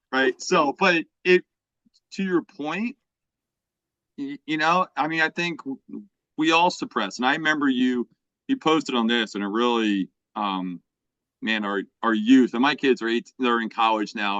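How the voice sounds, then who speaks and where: A man's voice: mid-range voice, fairly bright tone, no room sound. A middle-aged man hosts a podcast in a loose, rambling way, restarting his sentences and checking in with "right?". His voice is recorded dry and close, with a slightly dull, muffled tone. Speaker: podcast host. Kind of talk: casual podcast chat.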